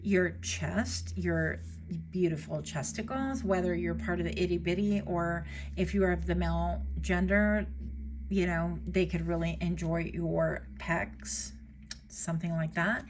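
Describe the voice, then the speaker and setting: A woman's voice: lowish voice, slight background noise. A woman giving a casual pick-a-card tarot reading, chatty and playful, with joking asides to her viewers. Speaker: tarot reader.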